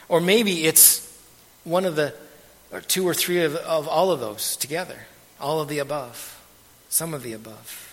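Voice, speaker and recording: A man preaching a sermon as pastor, earnest and measured, letting his phrase ends trail off softly. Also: on the high side. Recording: long hall reverb.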